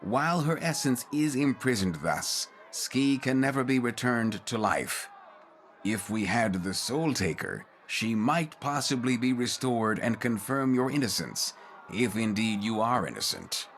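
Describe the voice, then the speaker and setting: An actor playing a stern judge in a video game, speaking in a formal, measured way. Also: male voice, medium pitch, animated, a bit bright, slight background noise. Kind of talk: game voice acting.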